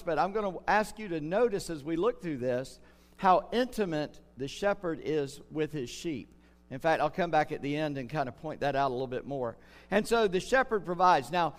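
Older man, pastor preaching, earnest, slightly high voice, long hall echo. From United States. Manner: earnest, slows down to stress key words. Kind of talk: sermon.

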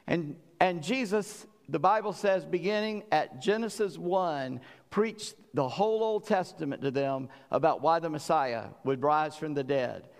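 A man's voice: fairly high pitch, measured pace, in a large hall. A man preaching a sermon, telling stories animatedly as he acts out voices. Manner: animated storytelling, acting out voices. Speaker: pastor.

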